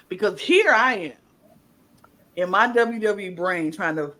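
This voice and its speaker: Animated, colloquial woman storyteller. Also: medium pitch, unhurried. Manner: animated storyteller, acts out quotes; loose, colloquial phrasing. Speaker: podcast co-host. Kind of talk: casual podcast chat.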